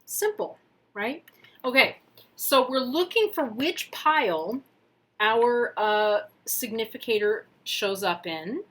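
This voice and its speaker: Casual female tarot reader, relaxed and leisurely, talking through each step with playful asides. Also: fairly high pitch, takes it slowly. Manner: chatty, thinks aloud, playful asides. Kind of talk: casual explanatory card reading. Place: at a table with camera.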